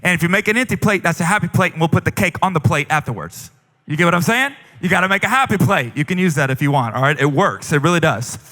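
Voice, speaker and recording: A male pastor preaching a sermon in a large church, telling stories in an animated, humorous way. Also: on the high side, quick pace. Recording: long reverb of a large church hall.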